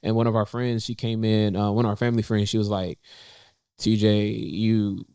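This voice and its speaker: A young podcast co-host from North Carolina, USA, shares a personal story in a casual, heartfelt conversation indoors in a cafe. His low, smooth, resonant voice is warm and level, recorded close and dry with no echo or room sound. He speaks haltingly with many fillers and restarts, lifting his pitch when quoting himself.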